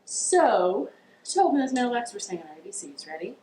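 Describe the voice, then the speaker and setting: Her voice sits a little high, mellow and sing-song at a normal speed, over a slight hiss or hum. She's a young American children's librarian hosting storytime at home, singing and playing ukulele with playful self-deprecation in an echoey room.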